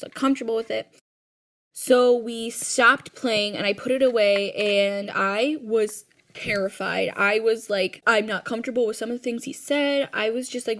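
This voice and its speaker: Chatty higher-voiced woman telling a story. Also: a bit bright. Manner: rambling, many "like" fillers, breathless retelling. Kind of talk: casual storytime. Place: at home.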